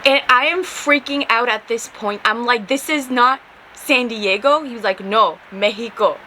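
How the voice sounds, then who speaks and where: Animated young woman telling a story. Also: fairly high pitch, moderate pace, a little hiss or hum, poor audio. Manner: animated, swears, acts out quotes. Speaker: podcast host. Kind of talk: casual storytelling.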